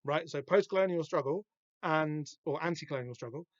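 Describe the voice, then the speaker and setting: A man hosting a podcast, talking through a comic book in a rambling, halting way with lots of fillers and restarts. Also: fairly high pitch, no room sound. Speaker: podcast host. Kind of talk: casual comic book discussion. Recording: dull, dry lo-fi podcast recording.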